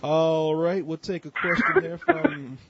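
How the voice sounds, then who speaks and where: A man's voice: a little high, very animated, a little slow, creaky, crowd noise. A man hosting a gaming call-in show who chats casually, jokes, and often stammers and restarts. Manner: loose, joking, stammers and restarts. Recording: slightly muffled lo-fi audio.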